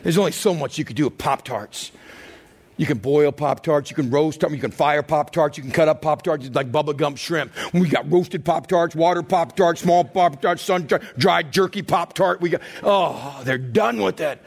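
Animated high-voiced male pastor. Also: moderate pace, vocal fry. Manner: animated, dramatic, swings between loud and hushed. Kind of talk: sermon.

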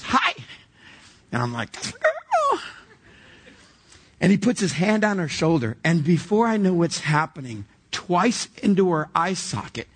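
A pastor with a slightly rough, higher-pitched voice preaches a sermon. He vividly tells a personal story and acts out the dialogue before shifting into earnest preaching.

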